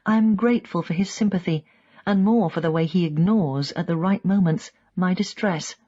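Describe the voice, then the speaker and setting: Woman reading a memoir-style audiobook, low-ish and calm, muffled lo-fi audio. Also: normal speed. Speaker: audiobook narrator. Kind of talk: first-person audiobook narration.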